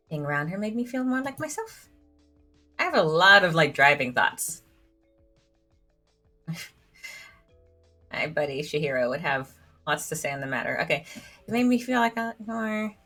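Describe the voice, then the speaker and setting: A low-voiced woman streams a story game with big swings in pitch and a bright, forceful tone, speaking a little slowly and pausing often while faint music plays. She reads the dialogue aloud in a chatty, giggly manner, stuffing her speech with "like."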